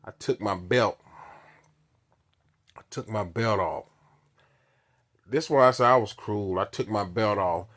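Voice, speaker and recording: A man's voice: lowish voice, unhurried, pauses often, a bit bright. Blunt man telling a story. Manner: acts out dialogue with many quoted lines; repetitive, blunt, punchy phrasing. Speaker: storyteller recounting his past. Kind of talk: casual spoken storytelling.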